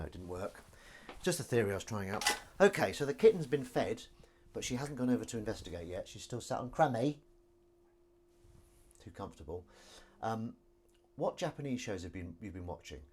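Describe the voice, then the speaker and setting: Chatty man, lively pitch. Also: husky. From northern England. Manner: chatty, reads out viewer comments, jokey asides. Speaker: live streamer. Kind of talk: casual live stream chat while washing up. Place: home kitchen, indoors.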